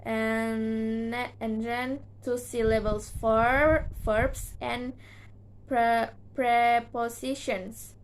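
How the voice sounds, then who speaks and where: A young native Indonesian speaker reads out a class presentation slowly and haltingly, with frequent "uh" fillers and restarts. Her voice is fairly high with little pitch movement, and the recording quality is low.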